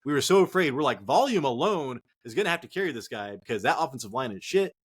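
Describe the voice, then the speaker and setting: A fast-talking man with a husky, mid-range voice hosts a sports podcast. He's casual and excitable, swearing frequently and calling listeners "dude" and "man."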